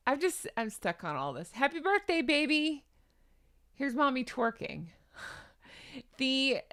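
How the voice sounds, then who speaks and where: Lively, sarcastic woman commentator. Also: a little high. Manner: sarcastic, incredulous, hedging asides. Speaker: commentary host. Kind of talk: opinionated celebrity commentary.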